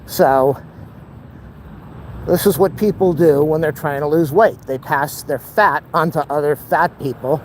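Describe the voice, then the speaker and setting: A man's voice: a little high, measured pace, slight background noise, rough recording. A man talking in a rambling, wry and blunt way while walking outdoors, speaking to a handheld camera. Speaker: vlogger. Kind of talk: casual walking vlog monologue. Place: outdoors on city streets and lawns. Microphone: camera held while walking.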